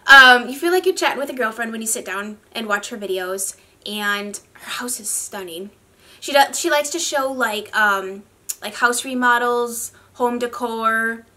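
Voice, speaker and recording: Rambly beauty vlogger lady, kinda high voice, bright and sharp. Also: a little slow. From northern United States. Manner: rambly, chatty, laughs often. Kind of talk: casual chat.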